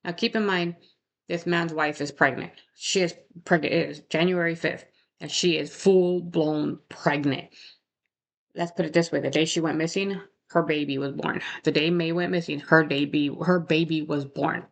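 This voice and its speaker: A woman recounts a true crime case in a loose, chatty way, pausing to ask "right?" and adding indignant comments. Her voice sits low and has a gravelly fry running through it. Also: steady tone. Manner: conversational, frequent "right?" tags, indignant asides. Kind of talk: casual true crime narration.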